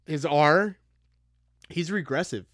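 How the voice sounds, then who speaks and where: A man's voice: on the high side, takes it slowly, a bit bright, no echo. A young American man co-hosting a podcast, ranting heatedly and swearing constantly. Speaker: podcast co-host. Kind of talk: casual profane rant.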